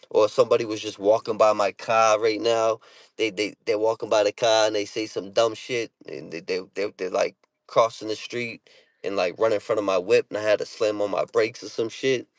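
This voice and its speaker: A man's voice: fairly low pitch, steady tone, normal speed, no echo. A man with a Boston accent, talking casually and profanely to camera from his car, full of street slang. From Boston area, Massachusetts. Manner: brash, profane, street slang, repeats "you know what I'm saying". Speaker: vlogger. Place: inside a parked car.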